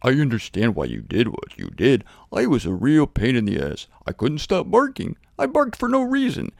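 Brief: man doing a talking dog, apologetic and humble, slightly lower voice, dry close sound. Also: huge pitch swings, moderate pace, creaky, a little mellow, dry recording. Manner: sheepish, confessing. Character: forgiving pet dog, talking plainly.

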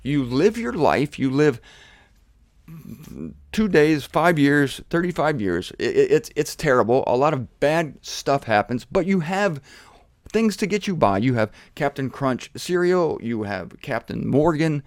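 Animated, irreverent man preaching. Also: fairly high pitch, unhurried, dry recording, studio quality. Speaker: Bible teacher. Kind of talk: casual sermon on camera.

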